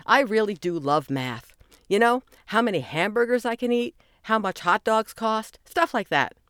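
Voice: mid-range voice, lively intonation, moderate pace, a bit bright, smooth, no room sound, studio quality, pitched above the performer's own voice, lightly acted. A narrator voicing a goofy boy who is always thinking about food, in a storybook reading. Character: food-loving joking boy.

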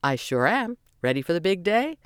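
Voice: mid-range voice, big pitch swings, moderate pace, clear, resonant tone, no room sound, studio quality, lightly acted. A narrator doing a proud, upbeat librarian man. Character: proud male librarian leading a kids' club.

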